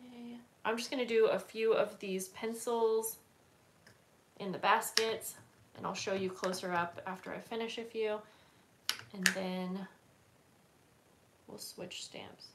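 Woman, craft live host, mid pitch, loose rambly chat, faint noise. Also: steady tone, unhurried. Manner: chatty, rambling, many fillers and self-corrections. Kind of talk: casual livestream chat while crafting. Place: indoors at her craft table.

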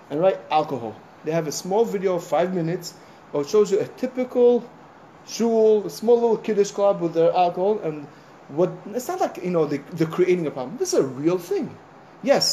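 Animated rabbi, man with a mellow voice. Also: sits high, a little hiss or hum. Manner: animated storyteller, acting out conversations; conversational, frequent "you know" asides. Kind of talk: informal sermon with storytelling.

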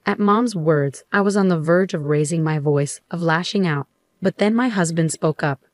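Brief: female storyteller, lowish voice, dry close sound, steady first-person reading. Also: moderate pace, no room sound. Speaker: narrator.

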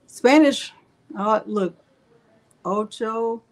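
A woman hosts a live crafting tutorial at a slightly high pitch. She talks slowly and stays chatty and playful, teasing the viewers in her chat as she works. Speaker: crafting channel host.

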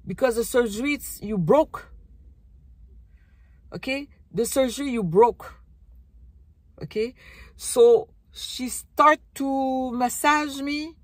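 Slow, halting woman telling her story. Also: high voice, dry recording. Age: middle-aged. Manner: halting, searching for words, many restarts. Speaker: vlogger. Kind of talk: personal recovery vlog.

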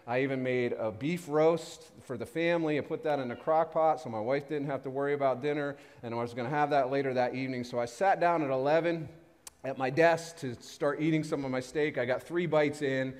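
A man in his thirties preaches from the pulpit, spinning a personal story with self-deprecating humor before turning it to faith. His voice sits at a middle pitch. The sound rings with the long reverb of a large church hall. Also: brisk, a little mellow. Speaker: pastor. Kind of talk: sermon. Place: church sanctuary.

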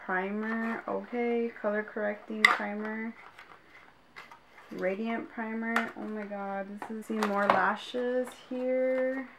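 A woman's voice: on the high side, steady tone, slow. A young woman vlogging as she unboxes makeup, gushing with exclamations and talking straight to her viewers. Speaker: beauty vlogger. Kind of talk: casual unboxing vlog. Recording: clear background noise.

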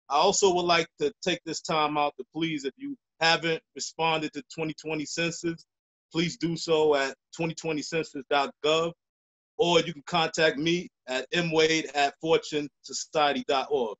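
A man's voice: fairly high pitch, fairly even intonation, normal speed, fairly bright tone. Firm man reading a statement, lo-fi. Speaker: community organization staff speaker.

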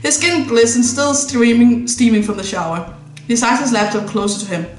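A woman's voice: fairly high pitch, moderate pace. A woman streamer reading a visual novel aloud with playful, laughing asides, recorded in an echoey room.

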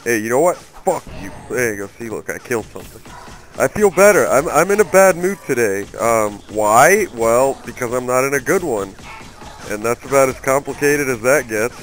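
A man's voice: medium pitch, lively intonation, moderate pace, soft background music, low-quality recording. A young man hosting a let's play, giving angry, profane, rambling commentary while he plays. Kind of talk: profane gaming commentary rant.

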